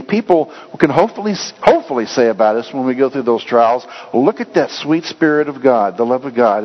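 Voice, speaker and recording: A man preaching a sermon earnestly, often swinging between raised and hushed delivery. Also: medium pitch. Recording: long reverb, dull lo-fi sound.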